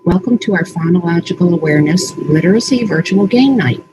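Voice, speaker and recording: A woman literacy coach leading an early-reading lesson, saying words slowly and stretching out their sounds. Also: fairly low pitch, expressive, noisy background. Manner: slow, deliberate, exaggerated word sounds. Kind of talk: slow instructional teaching, modeling sounds.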